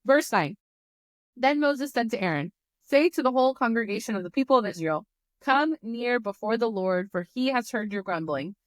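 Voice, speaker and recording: A woman's voice: a little high, lively intonation, moderate pace, no room sound. A young woman hosting a Bible study, reading passages aloud and breaking in with chatty, sarcastic asides. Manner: reads scripture then reacts with chatty, sarcastic asides. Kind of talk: casual Bible reading with commentary.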